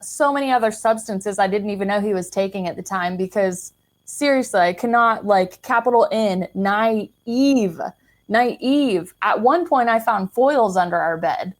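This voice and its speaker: A woman's voice: mid-range voice, moderate pace. A young adult woman from the American Midwest, a podcast guest, telling her personal story in a frank, chatty way with lots of "like" and casual swearing. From Kansas City, Missouri, US.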